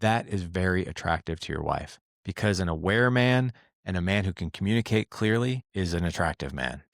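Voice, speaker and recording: A man with a fairly low voice talks earnestly as a podcast guest, animated as he explains. He is recorded close and dry, with no room sound. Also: brisk, gravelly, dry recording. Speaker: podcast guest, dad coach. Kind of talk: casual interview talk.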